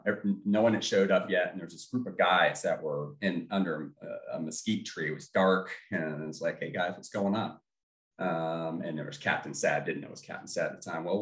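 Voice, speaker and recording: A middle-aged man, a former Army officer, telling his story in an interview, halting, with many fillers and restarts. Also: sits low, a bit bright. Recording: echoey room.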